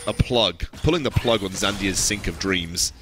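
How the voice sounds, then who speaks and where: A man's voice: low voice, moderate pace, over music. A man casting a live esports match, giving chatty, joking analysis. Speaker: esports caster.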